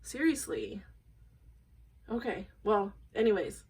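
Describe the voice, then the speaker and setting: A woman's voice: medium pitch, sing-song, slow pace, darkish tone, slight background noise, poor audio. A woman filming a casual unboxing vlog, gushing and rambling, emotional and shaky, often apologizing. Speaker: vlogger unboxing photocards. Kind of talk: casual excited unboxing talk.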